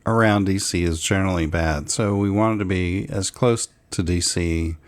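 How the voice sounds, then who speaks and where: A man's voice: low-pitched, moderate pace, smooth. A man co-hosting a parenting podcast, explaining trip plans in a matter-of-fact, casual way. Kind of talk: casual conversation.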